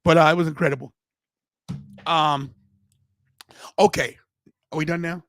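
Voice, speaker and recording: A man's voice: on the high side, steady tone, measured pace, a bit bright. A man hosting a podcast in casual chat, telling a rambling story with many restarts and fillers. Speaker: podcast host.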